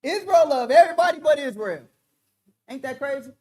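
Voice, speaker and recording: Woman preacher, high voice, emphatic street-style teaching to a room. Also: animated, fairly quick. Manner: emphatic, loud, vernacular, addresses the room directly. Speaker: teacher leading a Bible study.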